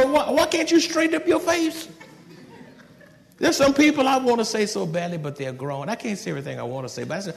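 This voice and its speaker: A pastor delivers a sermon with a somewhat high, gravelly voice, his pitch leaping up and down as he talks. He moves from loud outbursts to quiet asides in a folksy, joking manner. He chuckles at his own jokes. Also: a little fast, long reverb tail. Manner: animated preaching, swings from loud outbursts to soft asides.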